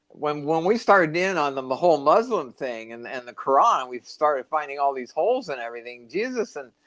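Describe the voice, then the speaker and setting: Rambling older man with a lively voice. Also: fairly high pitch. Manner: rambling storyteller, loses his train of thought. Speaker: podcast co-host. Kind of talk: casual spiritual chat.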